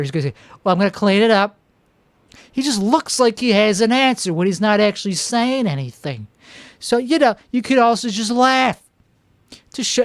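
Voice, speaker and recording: A man's voice: high voice, no room sound, close to an everyday voice. Man playing a blustering clueless politician wannabe, boastful, rambling, stumbling restarts, dry close sound. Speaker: comedy show host. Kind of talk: rambling comic monologue. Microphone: two microphones.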